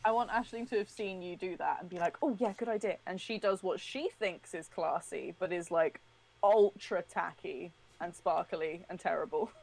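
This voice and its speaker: A woman's voice: fairly low pitch, moderate pace, vocal fry, darkish tone, low-quality recording. A woman player chatting casually at a tabletop game. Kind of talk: casual chat.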